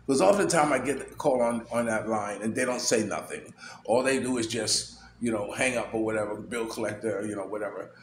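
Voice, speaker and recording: A man's voice: lowish voice, brisk. A middle-aged man vlogging casually, rambling with many fillers and repeated words. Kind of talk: casual personal vlog. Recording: echoey room with faint noise.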